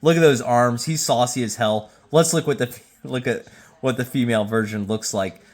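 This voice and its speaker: With a phone in hand at home, a tipsy Jacksonville, Florida, YouTuber talks through his ratings in a casual, rambling way. His stammering, repetitive delivery holds a moderate pace at an ordinary pitch, though it sometimes jumps into excited, louder outbursts.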